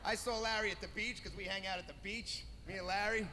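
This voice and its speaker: A man performing a stand-up roast set, firing off biting insult jokes with filler pauses between punchlines. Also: high voice, fairly even intonation, pushed and bright. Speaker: roast comedian. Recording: noisy live roast recording.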